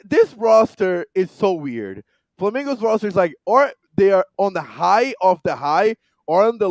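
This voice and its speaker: A podcast co-host with a Brazilian Portuguese accent and a high voice talks sports in English, his second language. He is animated and stumbles through fillers and restarts. The recording is dry and close. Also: dry recording. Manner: animated, halting with many fillers. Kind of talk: casual sports chat.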